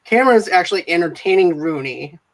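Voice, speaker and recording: A man's voice: sits high, animated, a little fast. A man hosting a podcast, chatting casually about a movie and retelling scenes in a rambling way with filler phrases. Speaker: podcast host. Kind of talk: casual movie review chat.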